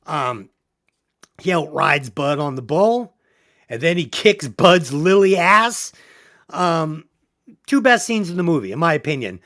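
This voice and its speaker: A woman's voice: low-pitched, animated, unhurried, pauses often, a bit bright. Profane, ranting woman podcast host. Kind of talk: casual comedic movie review chat.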